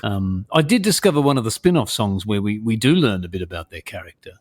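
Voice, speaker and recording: A man co-hosting a comedy podcast, talking in animated, mock-serious banter and reading lyrics aloud with jokes. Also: on the low side, fast. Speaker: podcast co-host.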